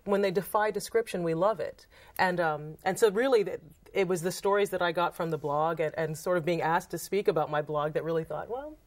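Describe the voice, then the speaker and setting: A woman's voice: on the low side, fairly quick. A woman from Trinidad, a photographer and author, telling anecdotes in an interview and acting out the quoted lines. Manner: animated storyteller, acts out quoted dialogue. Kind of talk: casual interview talk.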